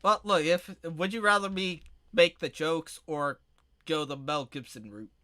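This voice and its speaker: A man co-hosting a podcast in casual chat, joking crudely and often breaking into loud mock-shouted impressions. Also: on the high side, measured pace, a little hiss or hum. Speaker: podcast co-host.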